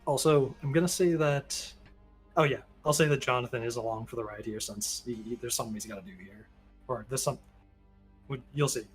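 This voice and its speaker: Man game master for a tabletop game, mid-pitched and relaxed, faint music behind. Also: brisk, breathy edge.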